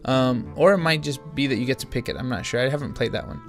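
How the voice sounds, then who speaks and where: A man's voice: medium pitch, expressive, fast talker, faint music behind. Rambling man narrating his card game. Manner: rambling, thinking aloud with many restarts. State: yawning, tired. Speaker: gaming channel host. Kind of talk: casual gameplay commentary.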